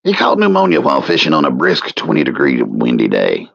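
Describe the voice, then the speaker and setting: A man co-hosts a podcast in casual, crude banter, reading through a list. His voice is gravelly and husky with very lively pitch, and the recording is dry and lo-fi. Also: a little fast, dry recording. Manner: crude, joking. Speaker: podcast co-host.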